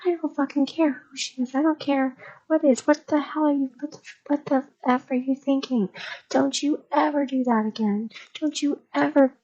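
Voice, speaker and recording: A furious middle-aged mother shrieks and scolds, her voice pushed high and hard, as a woman acts her out while telling a story. She sounds livid and loud. The recording is dull and lo-fi, like an old stream capture. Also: fairly even intonation, moderate pace. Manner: yelling, scolding.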